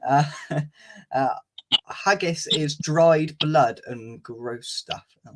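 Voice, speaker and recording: A man's voice: fairly high pitch, very slow, background noise. A man hosting a casual fan live stream, chatting, reading out viewer comments and laughing easily. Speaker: fan channel host.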